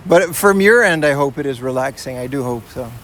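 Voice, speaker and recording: A man's voice: mid-range voice, expressive, fairly quick, a bit bright, slight background noise. A man streaming live while he walks outdoors on city streets. He chats casually and reads out and answers his chat in a laid-back way, often saying "man" and "you know". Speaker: IRL streamer. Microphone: portable streaming rig carried while walking.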